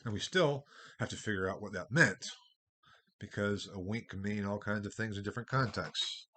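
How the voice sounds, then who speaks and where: A man giving a recorded university history lecture, talking in a discursive way with wide swings in loudness and a husky voice. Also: fairly low pitch, moderate pace.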